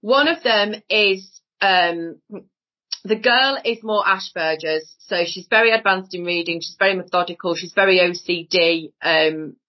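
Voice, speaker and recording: A Northern English woman guests on a casual podcast, speaking bluntly and emphatically and swearing freely. Her voice is lowish and her pace unhurried. The audio is dull and lo-fi.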